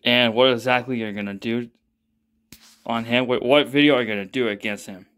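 A man voicing a sarcastic young adult son who stays calm and exasperated. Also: mid-range voice, smooth, pitched below the performer's own voice, natural voice. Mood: reasoning. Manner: dry, exasperated, quick.

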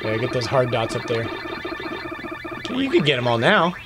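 A man's voice: mid-range voice, very animated, moderate pace, music in the background. A man co-hosting a casual show, teasing his partner and joking while they take turns at an arcade game. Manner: teasing, joking, cheering during play. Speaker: podcast co-host. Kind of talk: casual chat while gaming.

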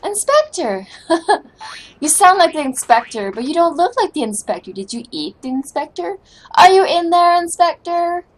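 A woman voicing an excitable young female sidekick, reading game dialogue in an eager, high tone. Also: normal speed, poor audio. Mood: excited.

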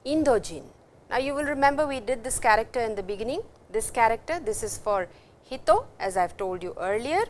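A woman giving a recorded university language lecture, speaking slowly and patiently, repeating words and stressing how they sound. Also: fairly high pitch, animated, a little hiss or hum. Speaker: language teacher.

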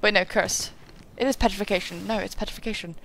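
A woman hosting a let's play, giving casual gameplay commentary, giggly and excitable with sudden exclamations. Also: mid-range voice, fast talker, vocal fry.

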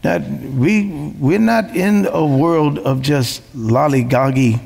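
A man's voice: a little high, takes it slowly, gravelly, a little mellow, in a large hall. A man preaching a sermon as pastor, emphatic, repeating phrases and asking rhetorical questions.

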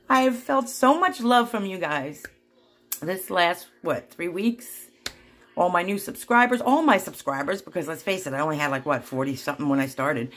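A woman craft vlogger at home, chatting casually to viewers in a giddy, excitable, giggly way. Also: lowish voice, a little slow, pauses often. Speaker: craft vlogger hosting a giveaway.

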